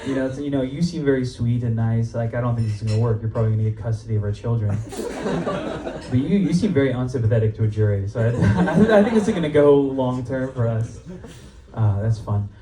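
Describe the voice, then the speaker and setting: A man's voice: medium pitch, animated, fast, noisy background. Casual, profane young male stand-up comic. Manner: casual, profane, laughs at his own jokes. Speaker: stand-up comedian. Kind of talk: stand-up comedy set. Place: comedy club stage before a live audience. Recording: roomy live club sound, mic at a distance, crowd. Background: audience laughter and cheers.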